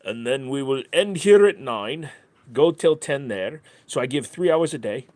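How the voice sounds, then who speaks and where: A man's voice: medium pitch, expressive, measured pace, darkish tone. A man chatting casually on his livestream, playful and swearing freely, slipping into silly voices. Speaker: streamer.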